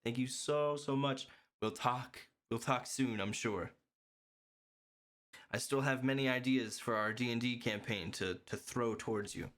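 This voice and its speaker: A male streamer in casual chat with his viewers, playful and quick to laugh. His voice sits at an ordinary pitch for a man. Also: fairly bright tone.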